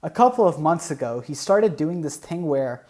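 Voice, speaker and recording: A man's voice: fairly high pitch, lively intonation, moderate pace, mellow. A man who comments on the online posts he reads aloud, with dry, sarcastic asides. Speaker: YouTube commentator.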